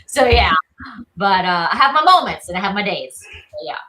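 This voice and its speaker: A woman's voice: mid-range voice, very animated, moderate pace, pushed and bright, rough recording. A woman in her thirties from South Carolina with a Southern accent, chatting as an interview guest and leaning on "you know" and "like". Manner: chatty, upbeat, many fillers like "you know" and "like". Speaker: guest, actress. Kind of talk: casual interview chat.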